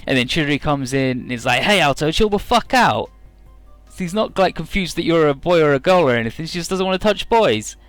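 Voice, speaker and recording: A man's voice: lively intonation, fast, few pauses, clean tone, no room sound, faint music behind. A man doing comedic game commentary, summarizing the story in a sarcastic, crude way. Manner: jokey, mocking, squeaky falsetto for characters. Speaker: let's play commentator. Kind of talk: comedic retelling of game dialogue with put-on voices.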